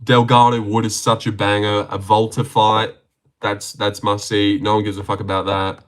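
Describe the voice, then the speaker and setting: A man's voice: on the low side, flat delivery, moderate pace. An Australian man chatting casually on a livestream, answering viewer comments in a blunt, profane and rambling way. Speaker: MMA predictions livestreamer.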